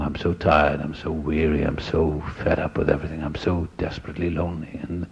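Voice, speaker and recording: An older man telling a personal recovery story to an audience, animated and acting out the voices of people he met. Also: a bass voice, fairly quick, gravelly, slightly rough, dull audio. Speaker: speaker sharing his recovery story.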